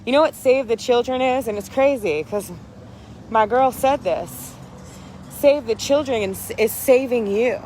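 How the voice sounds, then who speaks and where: Blunt, profane high-voiced woman. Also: darkish tone, a little hiss or hum. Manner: blunt, profane, preachy and emphatic. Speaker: vlogger. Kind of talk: casual spiritual vlog talk.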